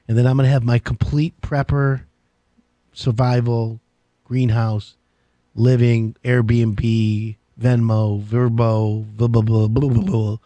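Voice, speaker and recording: A man hosting a live home-improvement show, talking in a rambling, jokey, excitable way. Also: medium pitch, no room sound. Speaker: radio show host. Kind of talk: casual live call-in show chat.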